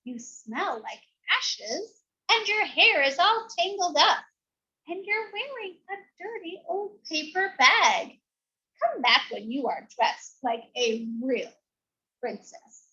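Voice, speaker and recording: A woman's voice: very high voice, very animated, slow pace, pushed and bright, muffled recording, voice pushed up, full character voice. A woman voicing a vain, rude young prince in a storybook read-aloud, talking in a scornful, fussy way.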